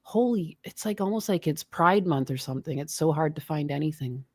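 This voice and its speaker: A woman's voice: sits low, lively intonation, a little mellow, breathy edge, no echo, clean studio sound. A woman co-hosting a live stream who chats casually, agreeing with her co-host and laughing easily. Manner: laid-back, agreeable, quick to laugh.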